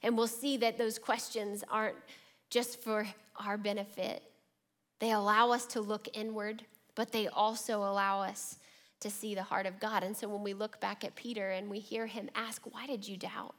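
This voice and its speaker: A woman preacher giving a reflective, measured sermon and reading scripture aloud. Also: medium pitch, little pitch movement, a bit bright.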